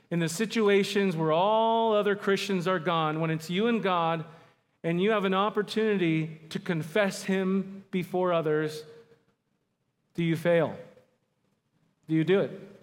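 A man preaching a sermon, emphatic, slowing down to stress key words. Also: sits high. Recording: long hall reverb.

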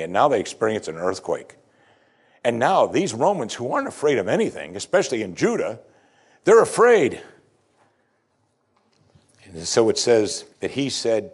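A male pastor delivering a sermon in a lively, expressive voice whose pitch rises and falls widely. He acts out the people he quotes and drops to a hush for dramatic moments. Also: moderate pace, breathy edge. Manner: animated preaching, voicing quoted speakers, swings from loud to hushed.

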